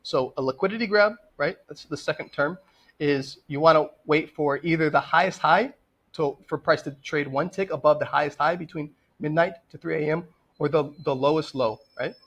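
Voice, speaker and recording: Male trading tutor, fairly high voice, plain instructive delivery for a screen-share lesson. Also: moderate pace, fairly bright tone, slightly rough. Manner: direct, instructive, checks in with "okay?". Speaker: trading educator.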